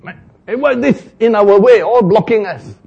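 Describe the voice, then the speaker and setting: Guy doing a bossy army captain, barks orders way up high and loud, husky. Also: moderate pace, highs cut off, full character voice. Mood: gruff. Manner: barked orders, raised voice. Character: brusque commanding army captain, male adult.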